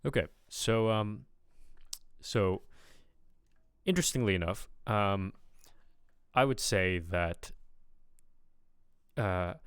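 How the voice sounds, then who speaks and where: A man with a deep, smooth voice reviews a learner's accent clip as a coach. He talks thoughtfully and hesitantly, with frequent ums. The sound is dry and close. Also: expressive, takes it slowly, pauses often, no echo. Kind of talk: reviewing a recording with feedback.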